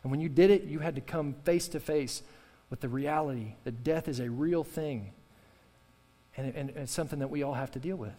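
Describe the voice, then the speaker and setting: A man's voice: fairly high pitch, brisk, warm tone, long reverb tail. A male pastor preaching a sermon with fervor, repeating key phrases and calling on the congregation to respond. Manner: impassioned preaching with repetition and call-and-response.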